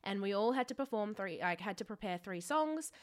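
A young Australian woman co-hosting a podcast, telling a story about herself in casual chat, self-mocking and quick to swear. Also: medium pitch, expressive. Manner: self-mocking, laughs often, swears freely. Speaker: podcast co-host.

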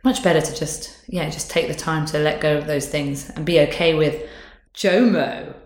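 A candid, chatty woman in her thirties, talking in a low voice. She speaks openly and laughs easily. The sound is roomy and echoing. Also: normal speed. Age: 30s. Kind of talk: casual chat. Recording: roomy echo.

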